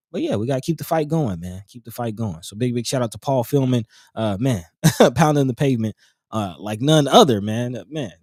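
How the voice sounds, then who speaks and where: A man co-hosting a community talk show, in casual, rambling chat with many fillers and soft laughs. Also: medium pitch, no echo, clean studio sound.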